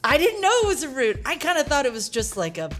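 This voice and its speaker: A playful woman co-hosts a cooking show, full of laughs and goofy asides. Her voice swings widely up and down in pitch. Clear music plays behind her. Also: very animated, fast talker. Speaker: co-host. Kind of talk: casual cooking chat.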